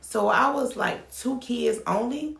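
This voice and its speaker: A woman's voice: on the high side, a little slow, gravelly, a bit bright, reverberant. A woman who runs a home child care business, talking frankly to the camera and telling her stories with emphasis. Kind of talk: candid talk-to-camera advice.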